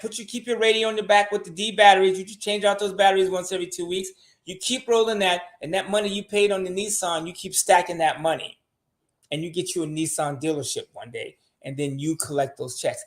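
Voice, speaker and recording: An older man, a show regular, giving blunt money advice in casual podcast talk and swearing freely. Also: high-pitched.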